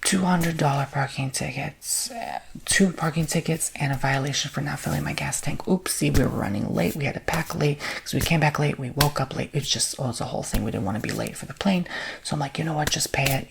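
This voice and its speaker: A man telling a story in soft-spoken ASMR style, drifting into whispers and chatting casually with many asides. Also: medium pitch, gravelly, background noise. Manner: drifts between soft speech and unvoiced whisper.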